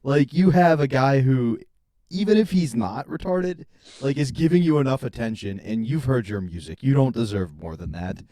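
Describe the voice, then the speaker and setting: A man's voice: medium pitch, expressive, moderate pace, dark tone, no room sound, clean studio sound. A podcast host in a casual chat, joking and laughing along with his guest.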